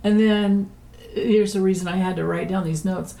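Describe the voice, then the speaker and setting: A woman's voice: medium pitch, fairly even intonation, normal speed, vocal fry, warm tone, rough recording. A woman giving a casual political tarot reading, chatty and rambling, often laughing between points. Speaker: tarot reader.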